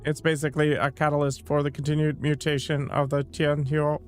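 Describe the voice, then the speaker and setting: A man's voice: a little high, level tone, brisk, soft background music, lightly acted. A man voicing a formal, dutiful male servant scientist who speaks deferentially.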